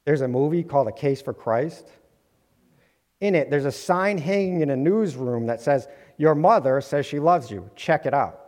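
Man, sermon, earnest, slightly high voice, long church reverb. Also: expressive, moderate pace, a little mellow. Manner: earnest, with light self-deprecating asides. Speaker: preacher. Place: church sanctuary.

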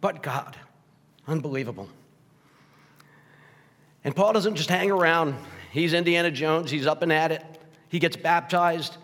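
A man's voice: a little high, measured pace, long pauses, fairly bright tone. Man preaching in an echoing church. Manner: emotional, gets choked up and laughs; conversational preaching with frequent "right?". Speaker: pastor. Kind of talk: sermon. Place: church sanctuary. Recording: long hall reverb.

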